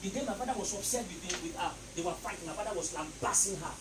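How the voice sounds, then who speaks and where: A woman preaching a sermon, shouting decrees and telling stories with bursts of laughter. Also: fairly low pitch, fast talker. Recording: echoey hall recorded from a distance with background noise.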